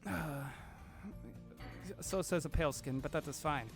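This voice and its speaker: A man voicing a haughty, scheming dark elf man in a tabletop game, with a throaty put-on French accent and a formal, halting manner. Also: on the high side, creaky, music in the background.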